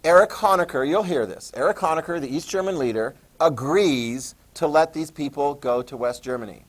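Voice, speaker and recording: In a classroom lecture, a man with a voice on the high side teaches history by telling events as a lively story. He repeats key terms so students can take notes and briefly imitates leaders in quick voices.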